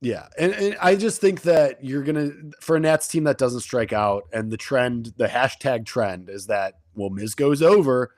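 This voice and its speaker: A man talks through his sports bets in relaxed podcast chat. He rambles and restarts his sentences often. His voice sits in a middle range, and the sound is dry and close. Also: mid-range voice, dry recording. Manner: talks fast with frequent restarts and fillers. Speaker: sports betting co-host.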